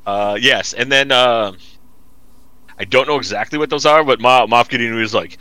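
A man's voice: medium pitch, normal speed, pushed and bright, no room sound. A man chatting casually on a podcast, rambling and acting out lines in silly voices. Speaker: podcast co-host. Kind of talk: casual chat.

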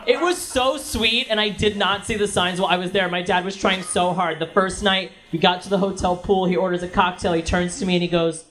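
A man from Brooklyn doing profane, animated stand-up comedy on a club stage. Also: sits high, brisk, hardly any pauses. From Brooklyn, New York. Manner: brash, profane, animated storytelling. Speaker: stand-up comic. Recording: crowd noise from live audience. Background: audience laughter.

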